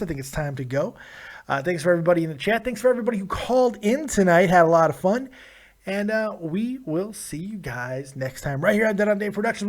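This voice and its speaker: A male host talks loosely to his viewers in a high-pitched voice. He jokes, laughs often and curses freely in casual live-stream chat.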